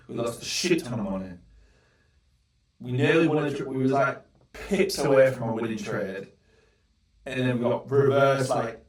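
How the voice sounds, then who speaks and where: A man's voice: medium pitch, far from the mic. Swearing young man, live trading. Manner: swearing, frustrated, exclaiming. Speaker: trading vlogger. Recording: roomy, off-mic echo.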